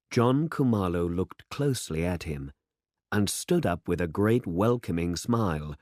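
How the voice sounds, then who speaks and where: A man narrating a story for English learners in a measured, deliberate manner. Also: deep voice, animated, darkish tone, dry recording, clean studio sound.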